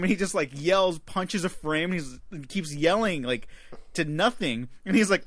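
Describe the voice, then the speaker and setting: A man's voice: a little high, brisk, a bit bright, dry recording. A man co-hosting a movie podcast, talking in casual, wry and sarcastic chat that is full of "like" fillers. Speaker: podcast co-host.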